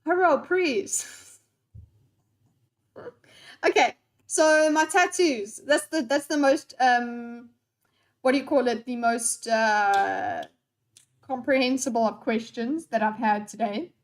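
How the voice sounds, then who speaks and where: High-voiced, playful woman streamer. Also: slow, long pauses. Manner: scattered, swears freely, playful. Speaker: live streamer reading chat. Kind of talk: unscripted live-stream chat.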